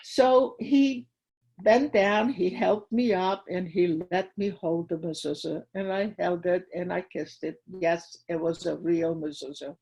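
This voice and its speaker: An older woman tells her own story with a gravelly, fry-tinged voice. Her tone is husky rather than clear, and she acts out the dialogue vividly. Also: on the low side, fairly even intonation, a little slow, mellow, muffled recording. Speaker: guest speaker at a school. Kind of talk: personal testimony storytelling.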